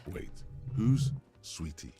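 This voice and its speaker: A man voicing a wry narrator in a video game, with a deep, gravelly, husky voice. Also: slow, warm tone, soft background music, natural voice.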